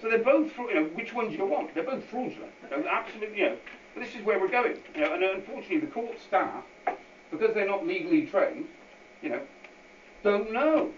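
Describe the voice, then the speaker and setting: A man whose voice sits high and has lively intonation speaks a little fast, giving an informal, unplanned guest talk at a public meeting. He wanders off topic, repeats himself and adds many asides. With an audience in the hall, the audio comes across echoey, distant and dull, with faint hiss.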